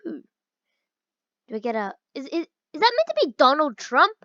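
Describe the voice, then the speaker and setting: A woman playing a game and reading its dialogue aloud, mixing in quick exclamations of her own. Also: high voice, sing-song, a bit bright, no room sound. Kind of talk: let's-play commentary. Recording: dull lo-fi recording.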